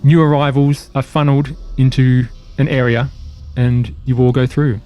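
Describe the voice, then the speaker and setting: A man running a tabletop role-playing game as game master, setting scenes in slow, descriptive narration. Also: mid-range voice, flat delivery, muffled recording.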